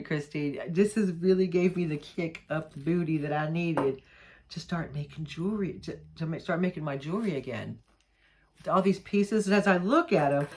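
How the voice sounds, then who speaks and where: Excited woman vlogger, slightly low voice, gushing unboxing chat with lots of restarts. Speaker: jewelry maker unboxing mail. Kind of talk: casual unboxing vlog chat.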